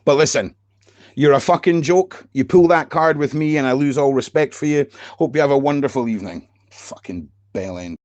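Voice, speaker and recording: A man's voice: fairly high pitch, fairly even intonation, fairly quick, a little mellow, dry recording. A man delivering an aggressive, profanity-heavy rant that taunts his rival. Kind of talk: angry recorded rant.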